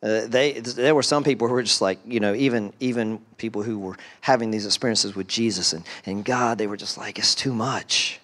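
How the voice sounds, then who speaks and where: A man preaching a sermon as pastor, animated and full of rhetorical questions, sometimes dropping to quiet asides. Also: on the low side, a little fast, hardly any pauses.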